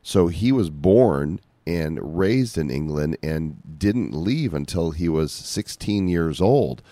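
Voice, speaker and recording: A man co-hosting a casual podcast chat, jokey and relaxed with frequent restarts. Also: low voice, takes it slowly, no room sound. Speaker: podcast co-host.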